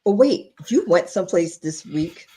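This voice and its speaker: A woman's voice: on the low side, lively intonation, normal speed, warm tone. A woman co-hosting a podcast, casually urging her partner to share a story. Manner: prompting, encouraging. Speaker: podcast co-host. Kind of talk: casual chat.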